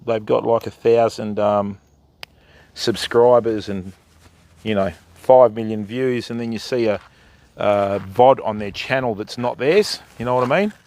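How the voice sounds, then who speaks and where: Gravelly older Australian fishing host. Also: male voice, lowish voice, measured pace, darkish tone. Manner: chatty, keeps addressing viewers as mate and bud. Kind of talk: casual live-stream commentary. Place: outdoors by a river at night, wading in the water.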